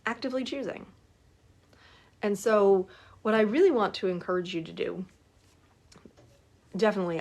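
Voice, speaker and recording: A woman in her forties talking casually to her viewers as a life coach. She is chatty and keeps asking for agreement as she goes. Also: lowish voice. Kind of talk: casual live talk to viewers.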